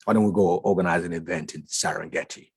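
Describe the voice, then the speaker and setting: Male guest speaker, low husky voice, emphatic and insistent, dry close sound. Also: steady tone, quick pace, dry recording. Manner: emphatic, repeats words for stress. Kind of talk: conversational talk. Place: lounge.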